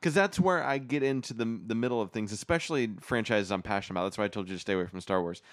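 A man's voice: on the low side, very fast, no echo, clean studio sound. A man chatting casually as a podcast host, talkative and opinionated, restarting his sentences often. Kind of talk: casual chat.

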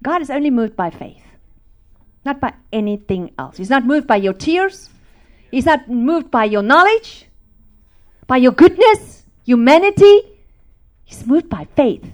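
A middle-aged woman from South Africa preaching a testimony sermon, animated and laughing, swinging from loud to hushed. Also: sits high.

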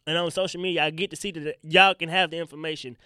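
This podcast host and stand-up comic has a fairly high, steady voice that's sharp, clear and resonant, and he speaks quickly. Alone on the mic, he rambles through a blunt, profane rant while stuffed up from pollen. The recording is dry and studio quality.

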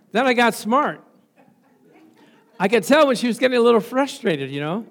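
A man's voice: very high voice, gravelly. A middle-aged male pastor preaching a sermon, telling stories with laughter and frequent praise interjections.

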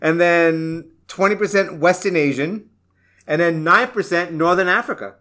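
An American man co-hosting a podcast, easygoing and quick to laugh in casual chat. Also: on the high side, sharp tone. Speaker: podcast co-host.

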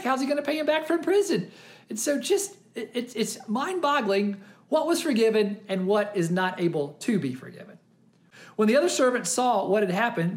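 Animated preacher retelling a parable. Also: medium pitch. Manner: animated storytelling, often exclaiming. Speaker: pastor. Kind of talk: sermon.

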